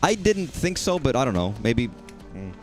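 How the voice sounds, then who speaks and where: A man's voice: medium pitch, very animated, unhurried, faint music behind. A man chatting casually while streaming a game, rambling and swearing at enemies. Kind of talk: casual gaming commentary.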